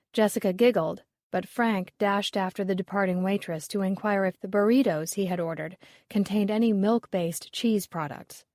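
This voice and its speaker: A woman narrator tells a mystery story from an audiobook script, her medium-pitched voice measured and even. Sound is clean studio quality without any room sound.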